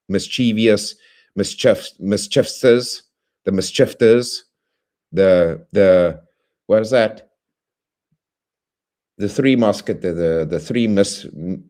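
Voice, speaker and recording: A man hosting a livestream, closing with rambling, friendly shout-outs to viewers in playful slang. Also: deep voice. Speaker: livestream host. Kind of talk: casual stream sign-off.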